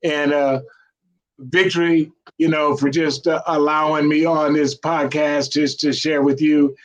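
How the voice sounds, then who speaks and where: An older man talking in a warm, rambling, praising way during a casual chat. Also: on the high side, flat delivery, a little slow. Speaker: guest. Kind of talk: casual video-call chat. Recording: muffled lo-fi call audio.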